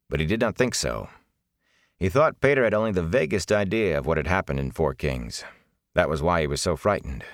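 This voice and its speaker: A man narrating a fantasy novel as an audiobook, measured and expressive. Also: low voice, dry recording, clean studio sound.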